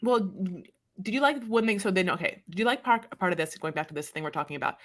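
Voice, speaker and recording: A woman's voice: mid-range voice, expressive, fast talker, a bit bright. A woman co-hosting a casual recap chat, talking in a rambling way with lots of fillers and putting on voices for jokes. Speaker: podcast co-host.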